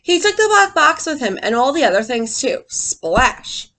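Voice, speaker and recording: A woman teacher reading a picture book aloud to children in an animated way, stopping to ask them questions. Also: sits high, moderate pace, a little hiss or hum.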